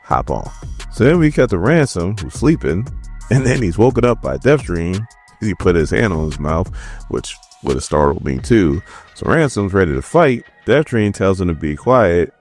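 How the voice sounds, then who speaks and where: A deep-voiced man runs through a comic issue in a relaxed, joking way, with a voice that swings widely in pitch. He keeps breaking off to crack jokes and talk straight to his audience. Faint music plays underneath. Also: moderate pace. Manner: joking, chatty, asides to viewers. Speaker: comic book recap host. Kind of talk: casual comic recap.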